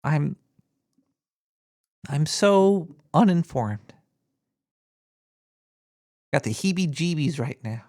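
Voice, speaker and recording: A man's voice: fairly high pitch, animated, drawn-out words, pauses often, darkish tone, dry recording, studio quality. A man hosting a call-in radio show, giggly and scattered, joking and flirting with callers. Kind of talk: casual call-in radio banter.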